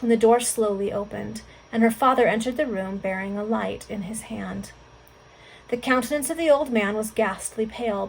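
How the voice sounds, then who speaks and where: Woman reading an old novel to friends on a video call, highish voice, earnest, stops to comment. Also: a little hiss or hum, low-quality recording. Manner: earnest, expressive reading with heartfelt asides. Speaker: volunteer reader.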